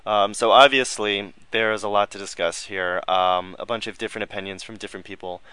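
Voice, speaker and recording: A man hosting a casual podcast, talking loosely with fillers and quick self-corrections. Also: fairly low pitch, steady tone, pushed and bright, smooth, no echo. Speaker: podcast host.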